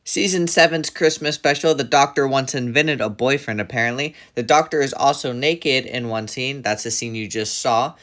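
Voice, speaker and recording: A man gives an earnest, casual review, listing points with some hesitation. His voice is bright and a bit tense, at an ordinary pitch. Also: moderate pace, few pauses. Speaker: show reviewer.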